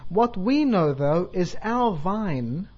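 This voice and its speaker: A man's voice: sits high, sing-song, slow pace, breathy edge. A man, a bishop, giving a sermon in a chatty, self-deprecating way, telling a joke and laughing along. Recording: dull lo-fi recording.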